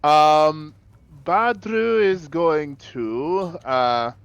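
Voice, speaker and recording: A man at a tabletop game works through his turn slowly and hesitantly. His voice is smooth and clear, and his pace is very unhurried. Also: a little high, no room sound, highs cut off. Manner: slow, hesitant, with many ums. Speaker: player. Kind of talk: playing a tabletop game, casual chat.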